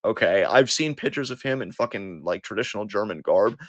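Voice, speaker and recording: A man co-hosting a podcast, talking in a fairly low voice. He rants with passion and heavy swearing, mixing anger with self-deprecation. The sound is dry and close, with no room echo. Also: lively intonation, a little fast, lo-fi sound. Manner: impassioned, profane ranting. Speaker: podcast co-host. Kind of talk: casual podcast monologue.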